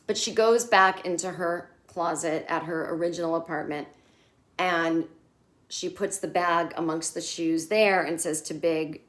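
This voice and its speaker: A woman's voice: lowish voice, fairly even intonation, a little slow, a bit bright. A woman hosting a casual TV recap, candid and sarcastic, and swearing freely. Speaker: comedian host.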